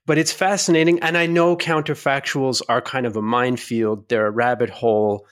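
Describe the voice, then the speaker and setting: A man's voice: medium pitch, fairly even intonation, moderate pace. Man, podcast host, curious, rambling, restarts questions.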